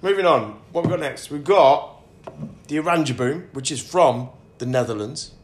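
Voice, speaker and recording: A man's voice: a little high, normal speed. A man co-hosting a casual beer-tasting chat, bantering and joking as he tastes and describes beers. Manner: jokey, bantering, animated. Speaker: podcast co-host. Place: indoors at a pub. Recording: echoey room, faint noise.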